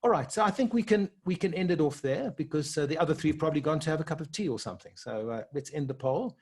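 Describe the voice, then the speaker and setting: A man from South Africa hosts an online interview, talking in a conversational way. His voice sits a little high and sounds husky. He chats over a video call. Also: fast, a little mellow. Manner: conversational, runs a poll. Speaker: interview host.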